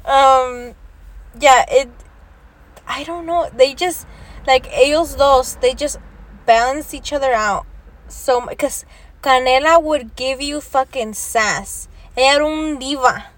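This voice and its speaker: A woman's voice: high-pitched, slow pace. A young woman in casual chat who swears freely, laughs often and drops Spanish words into her talk. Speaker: vlogger.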